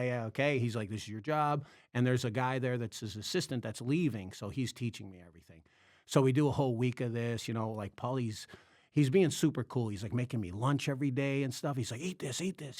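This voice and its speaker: A man hosting a podcast, telling a long story in a casual, animated way, acting out quotes and laughing often. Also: mid-range voice, dry recording, studio quality. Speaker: podcast host, comedian.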